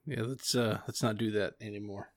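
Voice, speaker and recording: A man's voice: lowish voice, fairly even intonation, fairly quick, no room sound, studio quality. A man co-hosting a casual movie review podcast, laid-back and wry. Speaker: podcast co-host.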